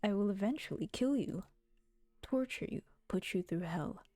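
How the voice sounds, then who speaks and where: A woman voicing a tormented, self-loathing male beast in a visual novel read-through, with a halting, stammering delivery. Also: mid-range voice, animated, dark tone, dry recording, natural voice. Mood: menacing.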